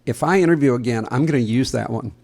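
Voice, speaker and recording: Southern American man, gravelly, podcast co-host, easygoing and jokey. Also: medium pitch, fast talker, a little mellow. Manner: joking, laughs often, restarts sentences. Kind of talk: casual podcast chat.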